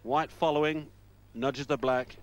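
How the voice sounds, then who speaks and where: A man giving slow, admiring commentary on trick shots. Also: mid-range voice, fairly even intonation. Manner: slow, admiring, sparse remarks. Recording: loud crowd and noise behind.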